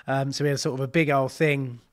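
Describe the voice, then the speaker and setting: A man's voice: mid-range voice, fairly even intonation, a little fast. A man, a plumber chatting casually on a live stream, rambling and swearing freely. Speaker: plumber and channel host.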